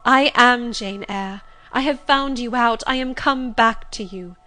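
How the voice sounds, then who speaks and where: A woman reading aloud and voicing a gentle, steadfast young woman who speaks softly and reassuringly. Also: on the high side, slow. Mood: tender. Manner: soft, tender, reassuring.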